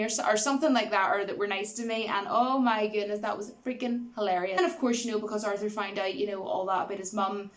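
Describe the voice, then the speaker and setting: A woman's voice: medium pitch, steady tone, fast, hardly any pauses. Chatty woman rambling through a film review. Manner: rambling, many fillers like "you know" and "like"; laughs easily while retelling scenes. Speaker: movie reviewer. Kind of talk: casual spoken film review.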